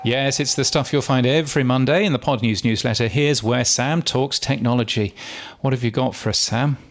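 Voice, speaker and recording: Man, podcast co-host, gravelly mid-pitched voice, chatty and hesitant. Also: moderate pace. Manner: chatty, many ums and uhs. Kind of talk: casual podcast chat.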